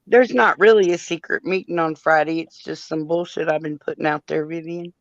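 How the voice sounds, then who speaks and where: A woman's voice: deep voice, fairly even intonation, a little fast, no room sound, muffled recording. A woman, telling stories in casual chat and laughing often as she acts out quotes. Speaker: live stream co-host.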